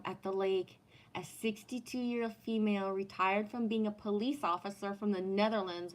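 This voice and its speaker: A woman's voice: medium pitch, a bit bright, rough recording. Foul-mouthed fifty-something woman streamer. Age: 50s. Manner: profane, laughs often, reads chat aloud. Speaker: live streamer. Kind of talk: casual live stream chat.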